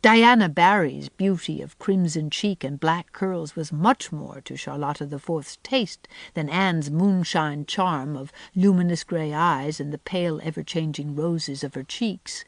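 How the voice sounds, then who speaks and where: A woman reading a classic novel aloud in measured, gentle storytelling. Her voice sits on the low side. The recording is close and dry. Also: vocal fry, dry recording. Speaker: audiobook narrator. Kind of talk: scripted narration.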